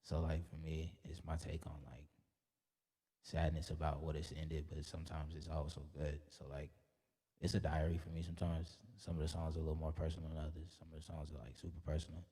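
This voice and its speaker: A young man speaks in an exceptionally low, husky voice with a dark, mellow tone. He talks in a loose, laid-back way, wandering through his thoughts with plenty of fillers, and a long hall reverb trails behind every phrase. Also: monotone, a little fast. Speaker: rapper guest. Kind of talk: casual interview chat.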